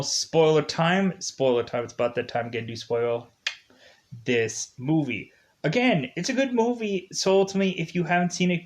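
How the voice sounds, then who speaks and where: A man giving a casual spoken movie review, rambling and animated, with lots of filler words. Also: a little high. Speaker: film reviewer.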